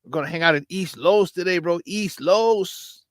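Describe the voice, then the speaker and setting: A man's voice: high-pitched, normal speed, no room sound, studio quality, lightly acted. A man doing a slangy East LA Raiders fan. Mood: boastful. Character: laid-back young male East LA Raiders fan.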